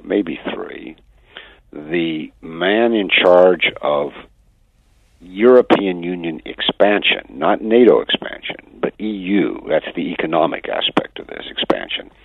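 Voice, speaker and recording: Deep gravelly man on a phone line. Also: dry recording. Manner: emphatic, lecturing. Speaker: guest commentator. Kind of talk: radio phone interview. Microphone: telephone. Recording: tinny dry phone line.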